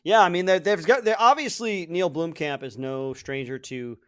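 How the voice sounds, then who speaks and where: A man's voice: a little high, moderate pace, smooth, no room sound, clean studio sound. A man co-hosting a podcast, casually retelling a film plot with lots of fillers and restarts. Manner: rambling, animated retelling with filler words. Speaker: podcast co-host. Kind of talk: casual chat.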